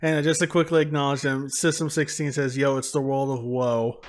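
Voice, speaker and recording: A man's voice: mid-range voice, little pitch movement, normal speed, hardly any pauses. A man playing a game on stream, chatting casually and reading chat messages wryly. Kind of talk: casual chat while gaming.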